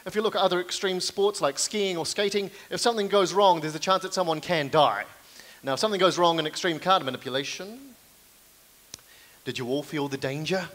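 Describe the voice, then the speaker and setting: A young man with a New Zealand accent performs stand-up comedy on a live stage, with a slightly high voice. He keeps up a self-deprecating patter with deadpan asides to the crowd. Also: fast. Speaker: comedian and card manipulation performer. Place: live venue stage with audience.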